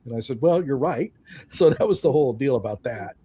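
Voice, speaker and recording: A man hosting a live stream from home over a video call, talking in a relaxed, rambling way with many fillers. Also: mid-range voice, fairly quick, slightly rough, dry recording. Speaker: host. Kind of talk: casual chat on a live stream. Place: home in Oklahoma.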